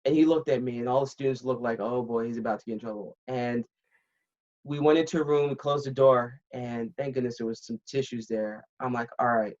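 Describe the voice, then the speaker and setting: A woman's voice: a bass voice, a little fast. A woman in her fifties, a retired military pilot, candidly telling a story on a podcast and acting out the dialogue. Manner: candid and blunt, animated retelling with quoted dialogue. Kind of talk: casual interview storytelling. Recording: slightly muffled, dull recording.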